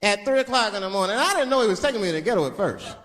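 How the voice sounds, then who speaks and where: A man's voice: high-pitched, lively intonation, rapid-fire, a bit bright. A male stand-up comedian telling loose, profane stories and slipping into voices. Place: live comedy stage. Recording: reverberant stage with audience.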